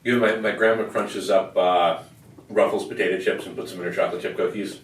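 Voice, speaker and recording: A man co-hosting a casual taste test, quick and enthusiastic as he compares brands. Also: deep voice, steady tone, a little hiss or hum. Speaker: co-host reviewing protein bars. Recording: roomy, mic at a distance, faint ambience.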